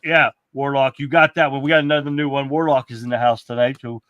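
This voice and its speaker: A man's voice: medium pitch, fairly even intonation, quick pace, fairly bright tone, dry recording, muffled recording. A man co-hosting a casual political livestream, chatting loosely and reading viewer comments aloud. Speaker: livestream co-host.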